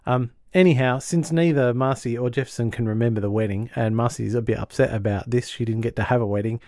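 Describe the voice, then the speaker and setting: A man's voice: medium pitch, fairly even intonation, fast, darkish tone, no echo, studio quality. A male podcast host recapping a sitcom episode in a chatty way, laughing easily and acting out the lines.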